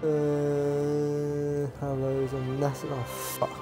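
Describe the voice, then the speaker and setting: A man's voice: on the high side, completely flat delivery, very slow, over music. A young man casually commenting on his gameplay as a gaming YouTuber, chatty and swearing now and then. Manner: chatty, swears, jokey asides.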